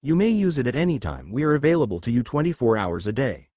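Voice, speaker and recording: A man narrating a fan fiction story in a steady, expressive storytelling voice. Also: medium pitch, fast talker, dry recording.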